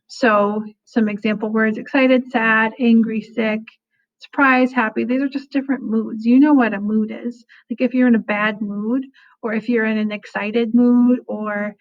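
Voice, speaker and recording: A woman's voice: fairly high pitch, fairly even intonation, measured pace. A young woman teacher giving a casual recorded lesson, full of fillers and "kinda". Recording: slightly dull lo-fi audio.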